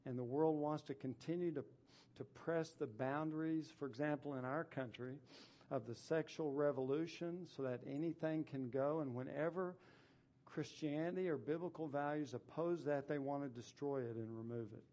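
A man's voice: on the high side, moderate pace, warm tone. A man preaching a sermon, reading scripture verses aloud and explaining them, stressing points by repeating phrases. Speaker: pastor.

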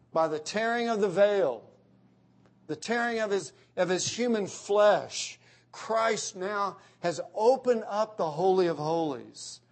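Male preacher, fairly high-pitched, emphatic expository sermon delivery. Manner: emphatic, repeats key phrases with rising force.

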